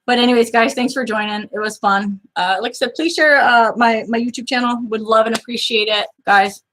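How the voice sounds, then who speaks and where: A woman's voice: fairly high pitch, fairly even intonation, fairly quick, a bit bright. A woman vlogger casually retelling a chat to her viewers, blunt, crude and sarcastic. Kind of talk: casual storytelling to camera.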